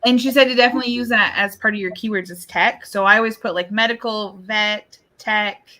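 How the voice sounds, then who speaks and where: A woman co-host relays viewer comments and tips during a casual live chat. Her voice is bright and forceful, and her delivery is matter-of-fact and informative. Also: mid-range voice, fairly even intonation, brisk.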